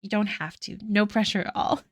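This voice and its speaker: A woman's voice: mid-range voice, steady tone, moderate pace, no echo. A woman streaming her art live, chatting casually with viewers, giggling often and thanking them one by one.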